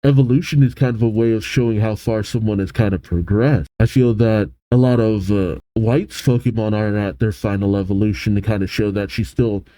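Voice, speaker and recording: A man reading a comic aloud and reacting, thinking out loud and correcting himself as he goes. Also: lowish voice, fairly even intonation, a little fast, few pauses, no echo, poor audio. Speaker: manga reaction host.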